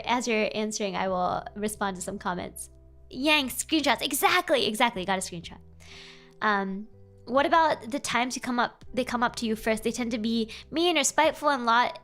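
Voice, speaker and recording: A young adult woman streaming casual advice chat, animated and playful, jumping up in pitch for emphasis. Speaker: vtuber streamer giving advice.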